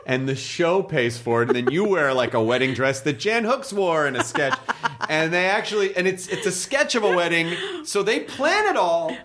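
A man in his thirties hosting a laid-back podcast conversation. His pitch moves a lot as he jokes, teases and laughs along with his guest, and he often drops into playful little impressions. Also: animated, normal speed, a bit bright, slight background noise. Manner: jokey, laughs often, does little voices. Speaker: podcast host. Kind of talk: casual chat.

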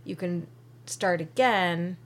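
A woman co-hosting a casual podcast, relaxed and quick to agree. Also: on the low side. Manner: relaxed, chiming in with short agreements. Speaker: podcast co-host.

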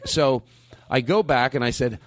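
A man spins a long, rambling anecdote with a comedian's timing. He doubles back on himself often, then his voice leaps high whenever he acts out his own outbursts. The recording is close and dry, with no room around it. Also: unhurried, no room sound. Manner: animated, jumps way up in pitch acting out his own outbursts; rambling with frequent restarts and asides. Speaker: stand-up comedian. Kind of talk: casual storytelling chat.

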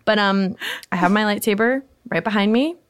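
A woman guest on a podcast, telling a personal story in a casual, animated way with bursts of laughter. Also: medium pitch, fairly quick, clean tone.

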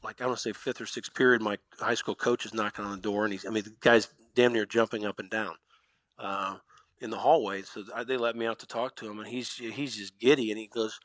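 Fields: bright-voiced man telling stories. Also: lowish voice, fairly quick, no room sound. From Indiana, USA. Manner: animated storyteller, acts out quoted lines. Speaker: guest, former basketball player. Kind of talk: storytelling in a podcast interview.

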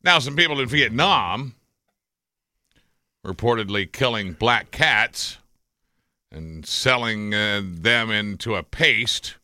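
A man reads news stories on a talk show with deadpan asides. His low voice is very bright and crisp. The studio sound is dry. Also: slow pace, long pauses, dry recording. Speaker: radio news reader and co-host.

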